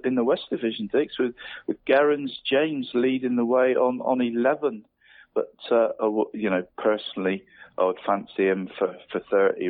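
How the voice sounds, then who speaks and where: Man rattling off scores by phone. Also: on the low side. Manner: hesitant, repeats words, says "mate" constantly. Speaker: football league pundit. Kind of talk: radio sports round-up over the phone. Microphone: phone line. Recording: tinny phone line.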